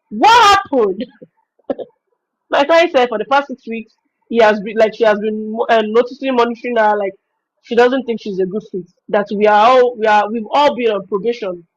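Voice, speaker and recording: Nigerian woman trainer, high and animated voice, informal teaching tone, dull lo-fi stream sound. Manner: animated, expressive storytelling. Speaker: virtual assistant trainer hosting a webinar.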